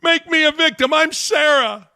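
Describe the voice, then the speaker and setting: A man's voice: moderate pace, creaky, pushed and bright, heavily acted. A man mimicking a whiny smug young woman. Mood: mocking. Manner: mocking, sneering falsetto.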